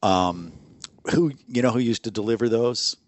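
A man's voice: medium pitch, moderate pace, no room sound. Man, podcast co-host, easygoing, prompting questions, dry close sound. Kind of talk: casual chat.

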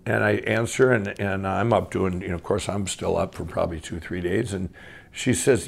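Gravelly man telling a rambling story. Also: fairly low pitch, moderate pace. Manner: rambling, animated, many fillers and restarts. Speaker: guest telling his life story. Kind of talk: casual storytelling.

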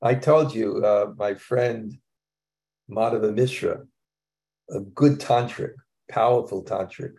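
Gravelly man giving a scripture class. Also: fairly low pitch, takes it slowly, a little mellow. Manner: conversational, chuckling asides, frequent restarts. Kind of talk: casual scripture lecture.

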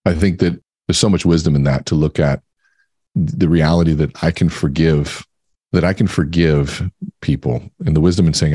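Deep, husky-voiced man. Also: fairly even intonation, moderate pace, mellow, no room sound, studio quality. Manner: emphatic storytelling, reflective. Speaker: podcast guest. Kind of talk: conversational interview.

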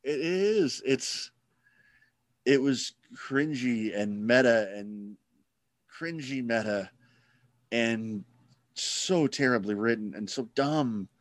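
A man's voice: medium pitch, expressive, slow, long pauses, no room sound. A man hosting a casual podcast chat, rambling and sarcastic, swearing freely.

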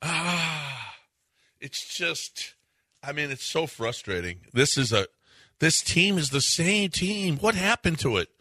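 A man hosting sports talk radio, ranting in exasperation about his team. His voice is very bright and forceful and swings widely in pitch. The sound is close and dry. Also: sing-song, slow pace, slightly rough, no room sound. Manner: exasperated, rants with rising pitch.

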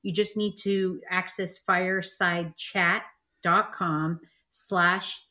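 A woman's voice: lowish voice, steady tone, takes it slowly, pushed and bright. A woman hosting a live online show, talking with gushing enthusiasm about her guests. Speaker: host.

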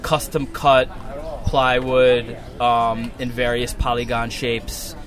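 A man with a Long Island accent speaks at a middle pitch in a loose, rambling interview, stacking ums and restarts as he explains his painting. The recording is made outdoors at the wall he is painting. Music plays clearly in the background. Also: takes it slowly. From Long Island, New York. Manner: relaxed, rambling, many fillers and restarts. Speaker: muralist guest. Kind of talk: casual interview.

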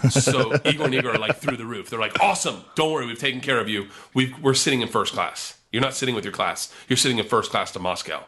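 A man telling a wild comic anecdote with lots of swearing, excitedly acting out the other people's lines in raised voices. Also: medium pitch, fast talker, few pauses. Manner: profane, excitable, acts out the quotes in raised voices. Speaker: storyteller.

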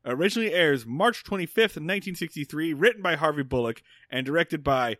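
A man's voice: fairly high pitch, animated, fairly quick, few pauses, a bit bright, dry recording, clean studio sound. A man co-hosting a podcast, chatting casually and enthusiastically with lots of fillers. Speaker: podcast co-host. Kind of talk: casual podcast chat about an old sitcom.

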